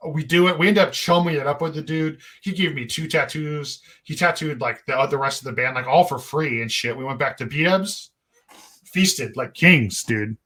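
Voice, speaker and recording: A man's voice: on the high side, brisk, hardly any pauses, fairly bright tone. A young man hosting a podcast, telling a long story in a rambling, profane, laid-back way. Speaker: podcast host. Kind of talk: casual storytelling chat.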